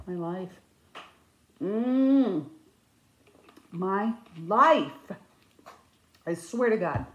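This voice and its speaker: A woman in her fifties chatting casually about her crafts, with self-mocking, animated storytelling. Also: mid-range voice, drawn-out words, pauses often, highs cut off. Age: 50s. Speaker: cross-stitch vlogger. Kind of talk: casual chat. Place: indoors, her craft room. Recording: echoey room.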